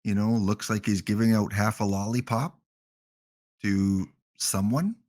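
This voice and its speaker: A man's voice: fairly low pitch, steady tone, a little slow, darkish tone. A man with a Canadian accent hosting a gaming livestream, chatting casually with jokey, rambling asides.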